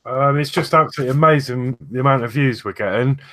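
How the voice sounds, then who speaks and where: A man's voice: medium pitch, quick pace, a bit bright, slight background noise. A man co-hosting a livestream, speaking hesitantly with many ums but enthusiastic praise. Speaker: stream co-host. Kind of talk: casual livestream chat.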